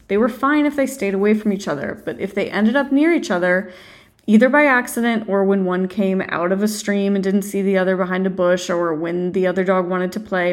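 A woman hosting a dog training podcast, answering listener questions in a direct, assertive way. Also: medium pitch. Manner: direct, assertive advice-giving.

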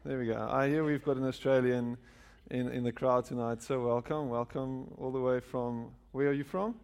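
A man's voice: mid-range voice, steady tone, moderate pace, a little mellow, clear, resonant tone. A man, a pastor who jokes with his congregation and then leads a prayer. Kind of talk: sermon with prayer. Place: church before a live congregation.

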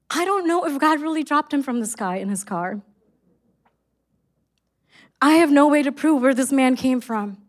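A middle-aged woman preaching a sermon, telling an earnest personal story and reading scripture. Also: high voice. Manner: earnest storytelling, exclaims in quoted excitement.

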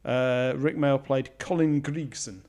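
A man's voice: mid-range voice, steady tone, slow pace, a little mellow. A man chatting casually on a podcast, full of stammered restarts and strong opinions, recorded in a home garage studio. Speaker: podcast co-host. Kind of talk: casual chat.

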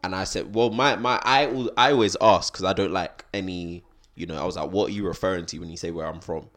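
Earnest young man, low voice. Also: fast, fairly bright tone. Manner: earnest, restarts often, keeps asking "do you know what I mean". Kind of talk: casual podcast chat.

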